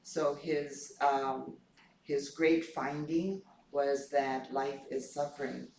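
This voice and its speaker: Hoarse man, slow halting reflection, distant in a reverberant temple hall. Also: medium pitch, steady tone, a little hiss or hum. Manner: halting, many pauses and fillers. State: hoarse, clearing his throat. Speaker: temple board member sharing a reflection. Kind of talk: informal dharma reflection. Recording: echoey hall, mic far off.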